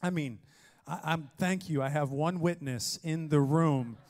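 A man preaching a sermon, energetic and joking, with playful asides to his congregation. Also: fairly high pitch, unhurried. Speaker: pastor.

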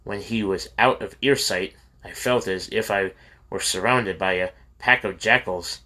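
A man reads a memoir aloud in a steady, plain storytelling manner. His voice is low and carries a bright, forceful tone. Small slips and restarts turn up now and then as he reads. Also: unhurried. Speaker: reader of a memoir.

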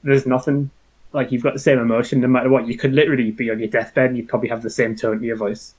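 A laid-back man chatting about a game with friends. His voice sits at an ordinary middle pitch and wanders as he corrects himself mid-sentence. His humor is wry. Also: level tone, quick pace, a crowd in the background. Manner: rambling, self-correcting, wry. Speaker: podcast co-host. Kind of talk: casual review chat.

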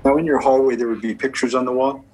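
A man's voice: mid-range voice, steady tone, fast, a little mellow, slight background noise, poor audio. A man working as a medium and giving a spirit reading. He asks a string of short yes-or-no questions and answers each reply with "okay, perfect.".

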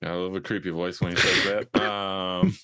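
Deep-voiced male podcast host. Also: little pitch movement, bright, forceful tone, smooth, no room sound. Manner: joking, laid-back, fast introductions. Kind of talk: casual podcast chat.

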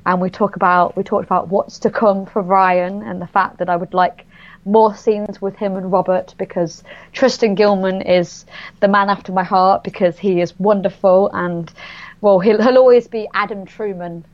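A woman chatting excitedly on a podcast, full of fillers and restarts. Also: mid-range voice, moderate pace, lo-fi sound. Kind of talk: casual podcast chat.

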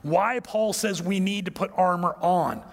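Male pastor, high voice, sermon storyteller who drops to a hush for key points, reverberant hall sound. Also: measured pace. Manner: storytelling, drops to a hushed, low voice for emphasis.

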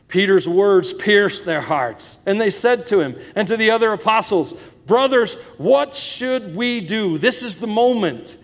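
High-voiced joking pastor in reverberant church. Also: male voice, animated, moderate pace. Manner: joking, asks the congregation questions. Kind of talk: sermon. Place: church sanctuary with congregation. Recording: long echo of a church hall.

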